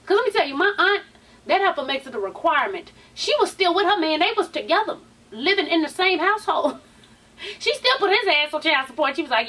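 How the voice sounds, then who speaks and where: High-voiced woman, a sassy chatty vlog host, a little off-mic. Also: sing-song, fairly quick, pushed and bright, far from the mic. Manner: chatty and sassy, swears freely, says "honey" and "sweeties" a lot. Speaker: YouTube TV show recap host. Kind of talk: casual reality TV recap vlog.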